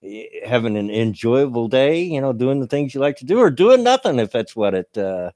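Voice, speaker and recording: A man's voice: medium pitch, big pitch swings, moderate pace, a little mellow, no room sound. Folksy American male stream host, easygoing and giggly, dry and close. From United States. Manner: laughs easily, folksy and chatty. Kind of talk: casual live-stream chat.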